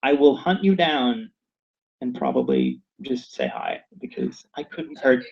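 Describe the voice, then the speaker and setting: A man from Saint Louis co-hosting a comedy podcast, rambling and joking in an animated way, recorded inside a yurt. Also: unhurried, creaky. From Saint Louis, USA. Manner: animated, rambling, acts out quotes in high voices. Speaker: podcast co-host. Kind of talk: casual comedic chat. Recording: lo-fi, dull recording.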